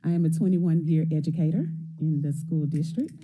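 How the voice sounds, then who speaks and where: A woman in her forties, a teacher introducing her class at a council meeting, lively and a little out of breath, laughing now and then. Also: sits low, fairly quick, noisy background. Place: council chamber.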